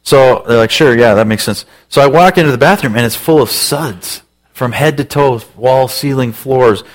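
A man's voice: mid-range voice, normal speed. A man in his forties, a pastor telling a self-mocking story in a sermon, acting out voices with lots of energy.

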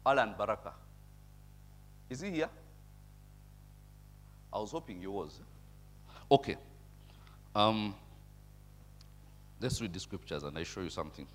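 Man preaching, talky, keeps going "eh?", chuckles, gets loud and punchy sometimes. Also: fairly low pitch, expressive, unhurried, long pauses. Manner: conversational, tags remarks with "eh?"; chuckles at his own points. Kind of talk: sermon with bible reading and commentary.

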